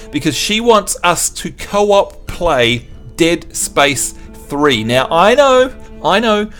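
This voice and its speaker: A man from New Zealand livestreaming a game, chatting in a jokey, self-mocking way with his viewers. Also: on the high side. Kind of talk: casual chat with viewers.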